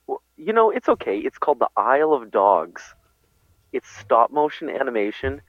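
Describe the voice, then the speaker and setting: A man co-hosts a podcast over a remote call, laid-back and hesitant, while his pitch still moves a lot. The call line sounds dull and dry. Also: very animated, moderate pace, dry recording. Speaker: podcast co-host. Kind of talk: casual chat over a call.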